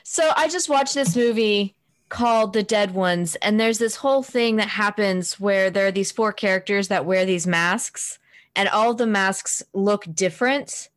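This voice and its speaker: A woman's voice: medium pitch, unhurried. A woman co-hosting a casual chat, rambling and self-deprecating with casual swearing. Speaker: podcast co-host.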